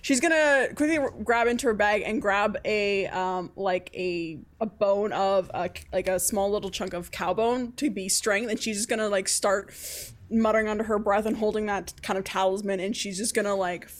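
A woman's voice: mid-range voice, steady tone, moderate pace. A woman playing a tabletop game, chatty and hesitant, with many likes and ums. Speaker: player. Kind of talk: casual tabletop play.

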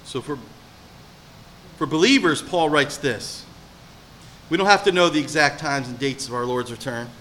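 A male pastor giving an animated sermon, swinging between hushed and loud delivery and often putting questions to his listeners. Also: medium pitch, normal speed, pauses often, a little hiss or hum.

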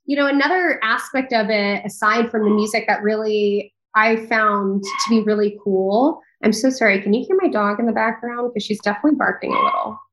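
A woman's voice: mid-range voice, brisk, hardly any pauses, a bit bright, poor audio. A woman with a New York accent, a voice actor talking as a guest in a casual interview, easygoing and reflective with lots of "like" and "you know".

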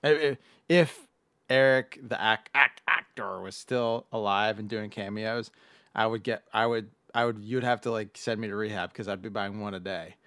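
A man co-hosting a casual podcast about movies, animated and given to quoting lines in loud put-on voices. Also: on the low side, moderate pace, dry recording, clean studio sound. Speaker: podcast co-host.

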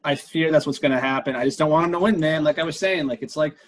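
A man co-hosting a casual podcast, mostly giving short, dry replies and agreeing with the other host. His voice sits a little higher than most men's. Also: fast talker. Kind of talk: casual chat.

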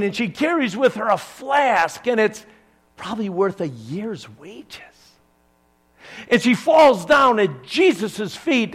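Man, pastor, sermon; slightly high, very lively pitch, unhurried, swings from loud to hushed. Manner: animated storytelling with big swings between loud and hushed.

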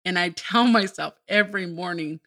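A woman's voice: on the low side, normal speed, a bit bright. A middle-aged woman, a podcast guest, telling her personal story candidly and openly, with bursts of laughter. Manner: open and emotional, breaks into laughter.

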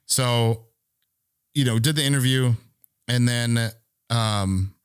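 A man's voice: medium pitch, slow, clean tone, no room sound, studio quality. A man on a podcast telling a long story in casual chat, rambling and swearing freely as he acts out what people said. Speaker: podcast co-host.

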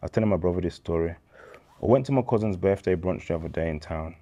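A man in his thirties with a very low, deep voice. He tells his faith story as an interview guest, in street slang, and acts out the dialogue. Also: fast, dark tone. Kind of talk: candid faith testimony.

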